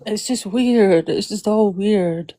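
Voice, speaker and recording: A woman's voice: mid-range voice, takes it slowly, warm tone, dry recording. A woman hosting a livestream, telling stories with lots of giggling. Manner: giggly storytelling. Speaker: livestream host. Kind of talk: casual chat.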